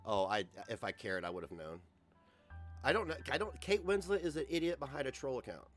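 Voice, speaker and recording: A man's voice: mid-range voice, expressive, a little fast, a bit bright, faint music behind. A man hosting a livestream in a casual, rambling rant, profane and self-mocking. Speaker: livestream host.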